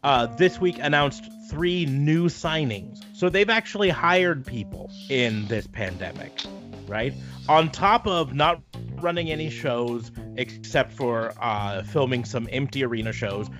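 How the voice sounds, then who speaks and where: A man's voice: mid-range voice, expressive, a little slow, fairly bright tone, faint music behind. A man hosting a podcast, teasing his co-hosts in a dry way and steering the chat. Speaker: podcast host.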